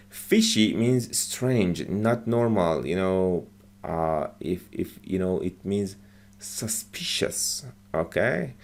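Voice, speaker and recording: A man teaching English as he explains phrases from film clips, talking in a hesitant, halting way with many fillers and restarts. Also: lowish voice, animated, a little mellow.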